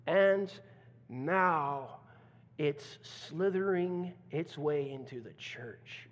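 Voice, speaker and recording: A man's voice: a little high, very slow. Male pastor delivering a dramatic sermon with acted-out quotes, in a church sanctuary with a long hall reverb. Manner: dramatic, acts out quoted voices, swings from loud to hushed.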